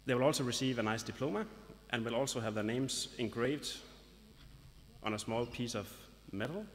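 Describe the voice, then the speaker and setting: A man from a local business association addresses a graduation ceremony with a formal, lightly joking, announcer-like speech. His mid-range voice moves at a moderate pace, and the large hall gives it a long reverb.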